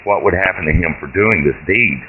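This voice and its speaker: A man reads his own short story aloud in a plain, measured way. His voice is extremely deep. It comes through a thin, phone-like line with a faint hiss underneath. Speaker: author reading his story.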